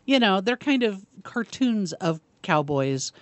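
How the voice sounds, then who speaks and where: Radio co-host, expressive and emphatic, chatty repeats, dry close mic. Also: mid-range voice, takes it slowly, no echo. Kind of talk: casual radio talk show chat.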